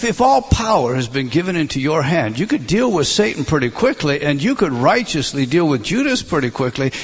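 Male preacher, husky voice, emphatic sermon delivery that stumbles and restarts, rising loud then dropping soft. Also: fairly high pitch. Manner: emphatic, repeats words and restarts, swings between loud and hushed.

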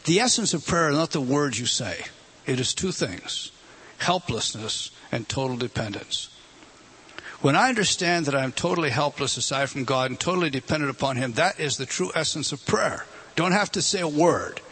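Preacher, male, fairly high voice, verse-by-verse sermon, swings between loud emphasis and quiet pleading. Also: expressive, moderate pace, breathy edge. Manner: swings from loud emphatic reading to low intimate appeals. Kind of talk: expository sermon.

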